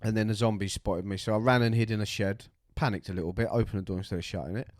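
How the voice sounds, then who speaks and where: A man's voice: on the low side, fairly even intonation, very fast, a little mellow, no echo, studio quality. A man, hosting a podcast and telling a story casually, swearing freely and acting out the voices of the people he met. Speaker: podcast co-host.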